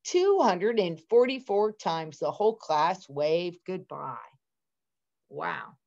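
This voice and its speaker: A woman teacher reading a picture book aloud to her students, expressive and adding chatty asides to the class. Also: on the low side, takes it slowly, vocal fry. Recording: dull lo-fi recording.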